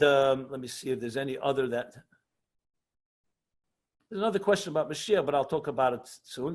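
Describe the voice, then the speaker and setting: A man teaching an online class as a rabbi, earnest and passionate, often slowing down for emphasis and mixing Hebrew and Yiddish terms into English. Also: fairly high pitch, a bit bright. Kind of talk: lecture with questions and answers.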